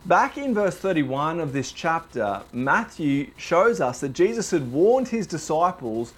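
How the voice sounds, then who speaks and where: A young man preaching a sermon, telling the story with animated, dramatized delivery. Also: a little high, measured pace, hardly any pauses.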